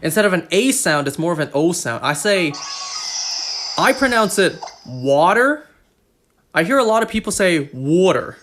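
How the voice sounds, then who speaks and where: A man's voice: high voice, animated, fairly quick, noisy background. A man with a Canadian accent, chatting casually and rambling as a streamer while he plays. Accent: Canadian English. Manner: rambling, chatty, repeats himself. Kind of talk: casual chat while gaming. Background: game music.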